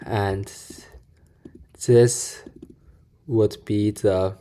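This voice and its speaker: A man hosting a reaction video, calmly explaining a calculation one step at a time. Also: on the low side, very slow. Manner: calm, walks through steps. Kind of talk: explanatory commentary.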